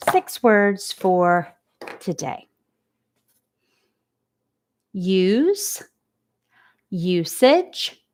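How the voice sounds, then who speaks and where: Slow-paced woman teaching phonics. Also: mid-range voice. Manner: slow, sounding out letters and phonics; asks questions and praises. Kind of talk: spelling lesson for children.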